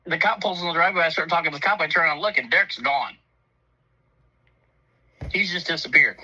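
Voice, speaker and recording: A man's voice: a little high, fast, sharp tone, slightly rough, low-quality recording. A man telling a profane, funny story in casual chat, laughing often and acting out the voices of people in it. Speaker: storyteller on a talk show.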